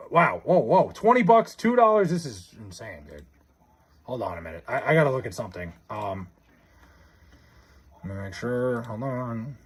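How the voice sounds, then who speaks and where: A young man hosting a casual livestream, reading chat aloud, excited and stammering, with a husky voice. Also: on the high side. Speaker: livestream host.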